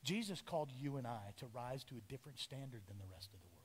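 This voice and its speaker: A middle-aged male pastor preaching a sermon, lively and storytelling, acting out the voices of the people in his story. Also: medium pitch, fast talker, long reverb tail, slight background noise. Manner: animated, acts out voices of biblical figures. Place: church sanctuary.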